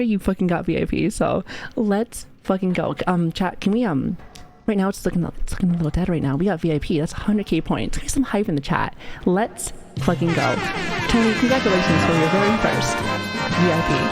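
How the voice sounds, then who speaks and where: A woman streaming live and chatting casually with her viewers, swearing freely and laughing often, who says she has been sick lately. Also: mid-range voice. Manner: profane, joking, laughs often. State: recovering from illness.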